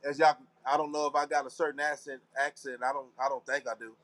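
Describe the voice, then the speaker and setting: High-voiced man ranting. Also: little pitch movement, fast, fairly bright tone. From Texas. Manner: rambling, conspiratorial, preachy, talks to the audience; slangy, repeats phrases. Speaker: show host. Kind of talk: casual live talk show monologue.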